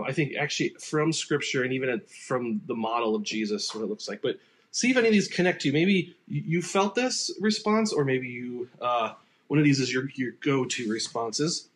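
A pastor giving a relaxed, conversational sermon, speaking unscripted and acting out sample replies in quoted voices. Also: male voice, medium pitch, a little fast.

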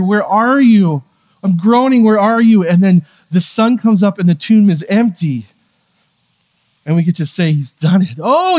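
A man delivers a sermon in an easy, conversational way, full of fillers and asides. His voice sits on the high side for a man. He sinks into soft, hushed stretches and then climbs back to raised, emphatic ones. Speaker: pastor.

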